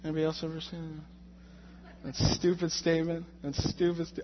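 A young man preaching a sermon in an animated, joking way, often repeating words as he goes. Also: fairly high pitch, normal speed, pauses often, slight background noise. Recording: muffled, in a reverberant hall.

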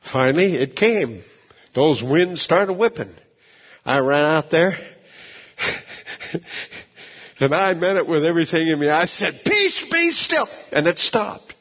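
A man preaching a sermon as pastor, telling folksy stories, repeating words and swinging from low asides to shouted peaks. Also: measured pace, long pauses, big-room sound, lo-fi sound.

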